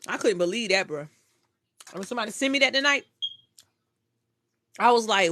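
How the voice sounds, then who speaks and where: A woman's voice: a little high, animated, normal speed, pauses often, slight background noise. Impassioned young woman vlogging to camera. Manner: impassioned, blunt and profane, swinging from loud outbursts to quiet mumbles. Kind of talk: emotional live vlog to camera.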